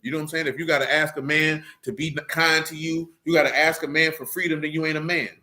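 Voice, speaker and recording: A man's voice: on the high side, little pitch movement, quick pace, sharp tone. A man talking in a casual, preaching way, emphatic and fond of rhetorical questions. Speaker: religious discussion leader. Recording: echoey room.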